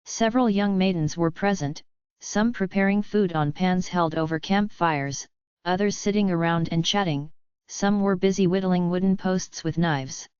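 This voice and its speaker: A woman giving scripted first-person audiobook narration in an even, steady reading. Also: fairly low pitch, clear, resonant tone, no room sound. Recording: dull lo-fi dry audiobook recording.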